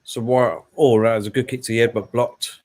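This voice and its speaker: A man hosting a live watchalong, giving relaxed play-by-play with fillers and asides. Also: medium pitch, fairly quick. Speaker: host and fight commentator. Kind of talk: casual live watchalong commentary.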